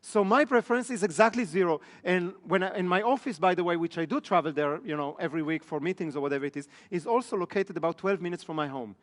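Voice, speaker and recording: A man's voice: high-pitched, fast, hardly any pauses. A man giving a live business seminar, often checking in with the room. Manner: asks the room frequent check questions. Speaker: business trainer. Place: training room in front of an audience. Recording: echoey hall.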